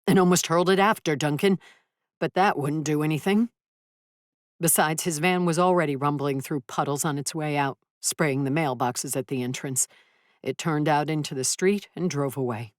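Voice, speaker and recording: A woman's voice: sits low, normal speed, dry recording, clean studio sound. A woman narrating a first-person audiobook, who acts out furious dialogue with rising intensity. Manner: dramatic, voices furious dialogue with raised intensity.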